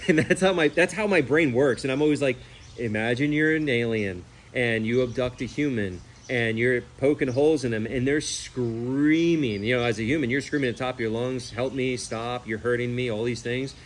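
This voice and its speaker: Earnest, animated man talking casually. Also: mid-range voice, normal speed, slight background noise. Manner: earnest, animated, uses hypothetical scenarios. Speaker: host. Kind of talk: casual animal rescue talk.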